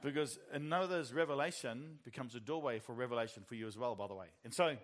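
A middle-aged man with a New Zealand accent preaches a sermon, speaking fast at medium pitch. He tells stories with animation and laughs at his own jokes.

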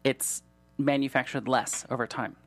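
A man's voice: medium pitch, steady tone, normal speed, a bit bright, no room sound. A man hosting a podcast in casual chat, playful and joking, rambling between stories. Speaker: podcast host.

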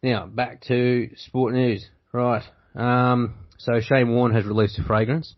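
A man's voice: medium pitch, steady tone, slow, dry recording. An Australian man hosting a podcast in casual chat, rambling and interrupting himself. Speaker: podcast host. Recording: dull lo-fi audio.

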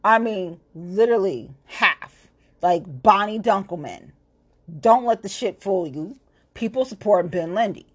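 A woman's voice: medium pitch, a little slow, husky. A woman from Ohio, a local political activist, delivering a blunt, profane, confrontational rant to the camera. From Ohio, USA.

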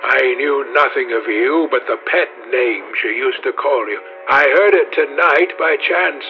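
A man voicing a grim, thick-set sailor bent on revenge, speaking slowly with a growling, threatening manner. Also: mid-range voice, dull audio, faint music behind, natural voice. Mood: menacing.

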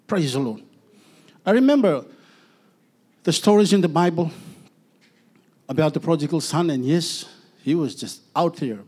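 A middle-aged man giving an earnest personal testimony as a preacher, halting with restarts and letting phrases trail off softly. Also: a little high, husky.

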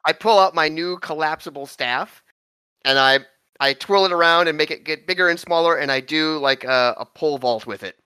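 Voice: medium pitch, normal speed, pushed and bright, smooth. A player in a tabletop game, eagerly describing their character's stunt. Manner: eager, describes own actions. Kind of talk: tabletop role-play chat.

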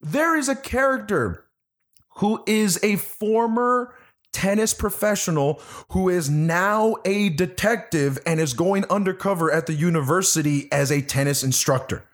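A man recounts a film in casual chat, his voice sitting a little high. He tells it with lots of laughter and cursing. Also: a little slow. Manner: animated, profane, laughing storyteller. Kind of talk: casual movie review chat.

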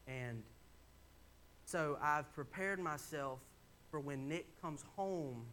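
A man's voice: on the high side, slow, bright, forceful tone, slight background noise. A young man preaching in a church, telling a personal story in a candid, conversational way and building to emphatic points. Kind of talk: sermon. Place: church sanctuary.

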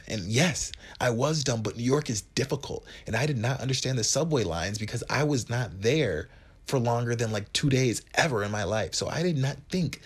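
A man in his twenties from Wisconsin, hosting a podcast and telling a comic story in a profane, animated, self-mocking way. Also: mid-range voice, breathy edge. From Wisconsin, USA. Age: 20s. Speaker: podcast host. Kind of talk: comedic storytelling monologue.

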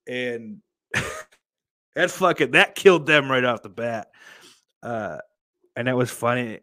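A man's voice: mid-range voice, wildly swooping pitch, takes it slowly, bright, forceful tone, no room sound. A man in his thirties hosting a podcast in a casual, rambling monologue, swearing often and full of fillers. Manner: profane, rambling, heavy on fillers. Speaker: podcast host.

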